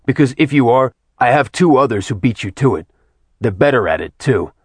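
A man's voice: mid-range voice, expressive, fairly quick, husky, no echo. A man voicing a sullen, curt man in a storybook reading. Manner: curt, growling.

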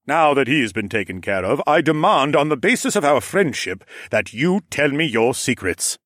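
A man voicing a big, impatient but friendly ram lord in an audiobook, talking in a gruff, blustery way. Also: medium pitch, sing-song, normal speed, a bit bright, dry recording, studio quality, pitched above the performer's own voice.

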